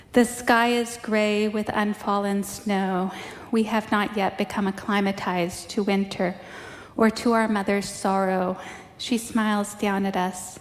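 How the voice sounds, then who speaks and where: A woman reads a personal memoir aloud in a measured, storytelling manner. Her voice sits at a medium pitch. It carries the long reverb of a church sanctuary. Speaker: reader in a church service.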